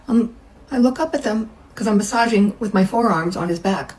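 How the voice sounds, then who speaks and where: A woman's voice: medium pitch, moderate pace, a little mellow, rough recording. A middle-aged woman, a massage therapist, telling a personal story in a chatty way and acting out the people she quotes. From United States.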